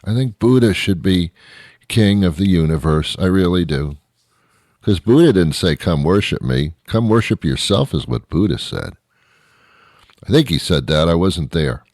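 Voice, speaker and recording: A middle-aged man delivering a rambling comic monologue, full of restarts and deadpan asides. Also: deep voice, a little slow, long pauses, dry recording, studio quality. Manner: meandering, self-interrupting, deadpan asides. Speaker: comedian host.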